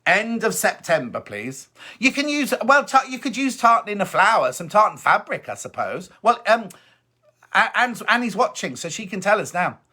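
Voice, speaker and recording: Very animated and speaking at a moderate pace, a man with a high-sitting, pushed, bright voice hosts a sewing live stream at home. He chats upbeat with his audience, reads their comments out, and goes back over his points.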